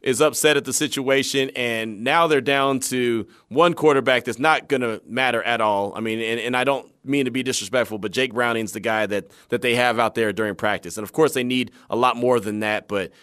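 A man's voice: mid-range voice, a little fast, few pauses, clear, resonant tone. Male sports radio host, mid-range voice, chatty and conversational. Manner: conversational, animated storytelling with acted asides. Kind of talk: sports talk commentary.

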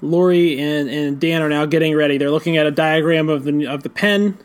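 High-voiced man casually discussing a comic. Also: steady tone, a little fast. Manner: rambling, lots of fillers, laughs into impressions. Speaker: podcast co-host.

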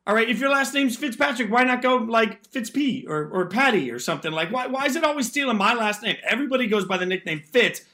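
Energetic high-voiced male sports radio host. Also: quick pace, few pauses.

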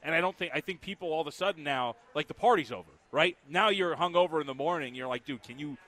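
Fast-talking bright-voiced man. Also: on the high side. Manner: rapid, animated storytelling with quoted impressions. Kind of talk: casual sports talk.

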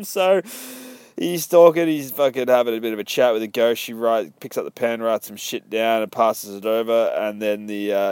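A man's voice: fairly low pitch, clean tone, no room sound. Man, rambling, sweary comic reviewer, dry close sound. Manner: rambling, swears a lot, laughs between thoughts. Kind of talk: casual profane review vlog.

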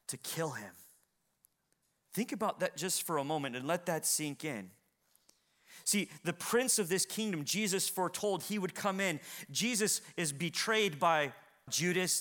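A male pastor delivering a dramatic sermon in a church. His voice sits high and rings bright. He swings between ringing near-shouts and hushed low lines. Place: church hall with congregation.

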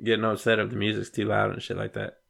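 A man's voice: fairly low pitch, monotone, fast talker, vocal fry, fairly bright tone. A man chatting casually on a podcast, teasing the others and laughing often. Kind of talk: casual chat.

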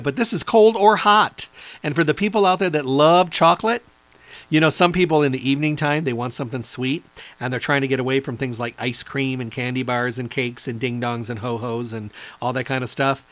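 A middle-aged man giving an enthusiastic, rambling product pitch as a nutrition presenter, reeling off long lists. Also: fairly bright tone, no echo, highs cut off.

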